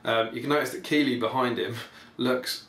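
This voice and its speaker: Recorded in an echoey room with faint background noise, a man hosts a podcast, offering loose, excited, rambling commentary full of ums. His voice is medium-pitched and fairly bright, with fairly even intonation and a moderate pace.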